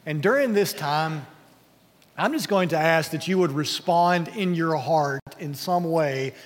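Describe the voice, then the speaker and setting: A man preaching a sermon as pastor, earnest and sometimes dropping to a hush. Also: a little high, a little slow. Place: church sanctuary. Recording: long church-hall reverb.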